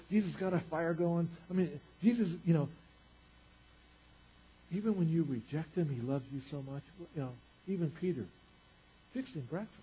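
A man preaching a sermon, retelling a scripture story in casual everyday paraphrase, swinging between loud emphasis and quiet asides. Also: fairly high pitch, slightly rough, dull audio. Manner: conversational, retells scripture in casual paraphrase, varies loudness widely. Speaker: pastor.

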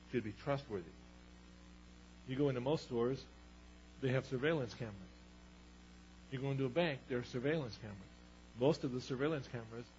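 A man's voice: medium pitch, a little mellow, highs cut off, slight background noise. A man preaching a sermon as pastor, conversational, asking the congregation rhetorical questions.

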